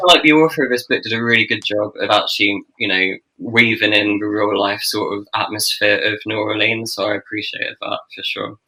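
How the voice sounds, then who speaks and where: A man co-hosting a podcast, chatting in a relaxed, agreeable way about a book. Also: fairly low pitch, brisk, hardly any pauses, poor audio. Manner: relaxed, agreeable, short remarks. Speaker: podcast co-host. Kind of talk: casual book-recap chat.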